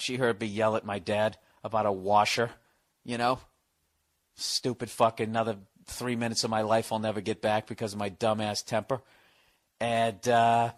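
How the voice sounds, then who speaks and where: A man hosting a podcast, telling a comic story in a profane, exasperated rant. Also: lowish voice. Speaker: podcast host. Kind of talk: comedic storytelling monologue.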